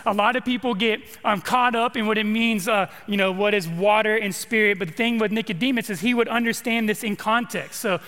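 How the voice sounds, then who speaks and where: A man's voice: high-pitched, steady tone, a little fast, hardly any pauses, pushed and bright, long reverb tail. A man from California preaching a sermon in a casual, conversational way, repeating words and asking the congregation questions. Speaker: pastor.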